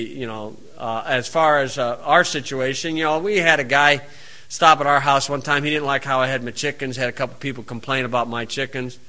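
Homespun stories of ordinary life fill this folksy sermon once the preacher finishes his deliberate scripture reading. His voice is a man's, high and very bright, and his storytelling is relaxed and plain-spoken.

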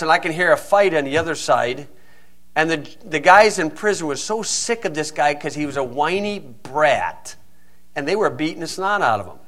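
A man's voice: a little high, bright, forceful tone. A middle-aged man preaching a sermon, blunt and scornful, firing off rhetorical questions.

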